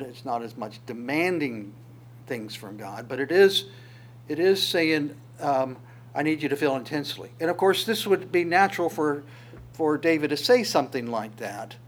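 A man leading an informal Bible study, explaining the text in a halting way, thinking aloud with many pauses. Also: medium pitch.

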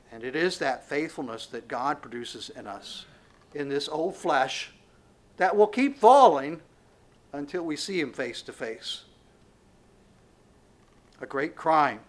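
A man preaching a sermon, swinging from loud outbursts to hushed near-whispers and pressing the congregation with questions. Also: mid-range voice.

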